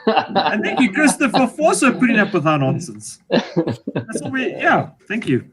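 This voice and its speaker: A man's voice: sits high, wildly swooping pitch, normal speed, fairly bright tone, breathy edge. A man joking and laughing as a guest on a video call, talking through his phone. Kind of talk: casual video-call chat. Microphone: phone used as headset.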